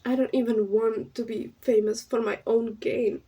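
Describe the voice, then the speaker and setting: Breathy young woman vlogging, earnest. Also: a little high, fairly even intonation, mellow, distant mic, poor audio. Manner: earnest, halting and heartfelt. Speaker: YouTuber. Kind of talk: personal to-camera vlog.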